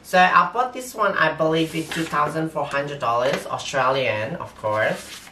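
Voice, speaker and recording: A man with a non-native English accent, talking through an unboxing haul as a vlogger in halting, hesitant English full of fillers. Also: on the high side, expressive. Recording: roomy echo, distant mic, faint noise.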